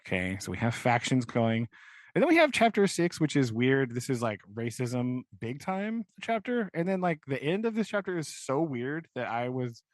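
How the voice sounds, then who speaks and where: A man's voice: medium pitch, big pitch swings, moderate pace, no room sound. Rambling young man recapping a book. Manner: rambling, filler-heavy, keeps asking "right?". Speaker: podcast co-host. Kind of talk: casual book discussion.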